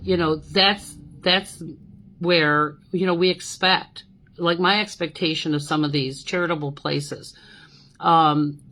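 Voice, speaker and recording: A middle-aged woman hosting a podcast, telling a personal story in a casual, animated way, often checking in with "okay?" and "you know". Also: low voice, rough recording. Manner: animated, repeats "okay?" and "you know", acts out quoted voices. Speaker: podcast host.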